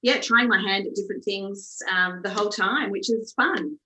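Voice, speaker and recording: A woman's voice: medium pitch, moderate pace, a little hiss or hum, poor audio. A woman, a stylist being interviewed, telling her story in a casual, self-deprecating way. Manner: animated, self-deprecating, plays out dialogue in lively voices.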